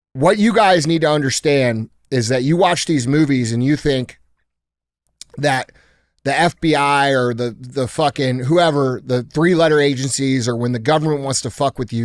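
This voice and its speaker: A man hosting a podcast, telling a story in a blunt, profane, casual way. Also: mid-range voice. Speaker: podcast host. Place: podcast studio.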